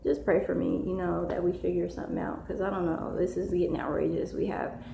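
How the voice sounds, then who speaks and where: A woman's voice: lowish voice, steady tone, fairly quick, vocal fry. A woman hosting a casual live stream at home, reading viewers' comments and talking in a slangy, rambling way that keeps getting sidetracked. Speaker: live-stream host, mother. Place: home, with children nearby. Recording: echoey room with faint noise.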